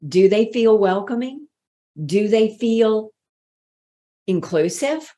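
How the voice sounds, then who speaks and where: Slow, deliberate woman speaking coach. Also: mid-range voice, lively intonation, mellow. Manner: slow, deliberate, inviting delivery. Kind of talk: motivational workshop talk.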